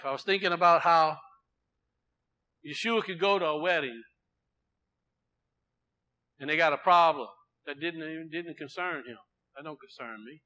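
A man preaching a sermon, swinging between loud proclaiming and quiet, low asides, often repeating himself. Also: poor audio.

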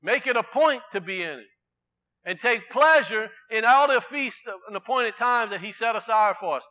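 A man preaching a sermon in a folksy way, swinging from emphatic declarations to quiet storytelling. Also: very high-pitched, expressive, normal speed.

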